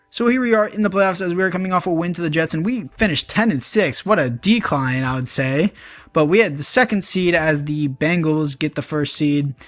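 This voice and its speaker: Young man, casual game commentary, chatty, upbeat, slightly high voice, dry close mic. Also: no room sound. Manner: chatty, upbeat, addresses viewers as boys. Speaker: gaming YouTuber.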